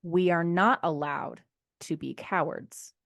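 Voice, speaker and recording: A woman co-hosting a podcast in casual chat, enthusiastic and warm toward her co-host, closing out the episode. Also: lowish voice, slow pace, gravelly, no echo, clean studio sound. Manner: enthusiastic, wraps up the show with plugs.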